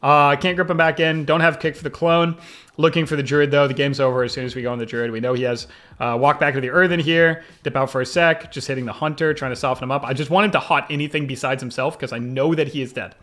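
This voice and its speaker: A young man commentating his own game replays in an excitable, fast-shifting way, often laughing. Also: mid-range voice. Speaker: gaming video creator.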